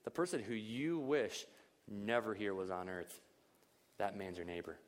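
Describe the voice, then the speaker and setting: A man preaching a lively, conversational sermon at a church service, full of rhetorical questions. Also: lowish voice, a little slow, in a large hall. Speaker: pastor.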